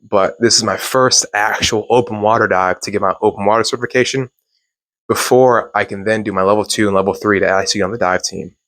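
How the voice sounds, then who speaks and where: Young male self-help host from Louisiana, low-pitched, loose and rambling delivery, dry recording. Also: fairly bright tone, dry recording. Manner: rambling storytelling with restarts and laughs. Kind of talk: casual motivational talk.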